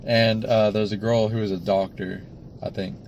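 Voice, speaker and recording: A man's voice: fairly low pitch, flat delivery, normal speed, darkish tone, highs cut off, slight background noise. A man co-hosting a casual film review, steadily critical, with many "like" fillers.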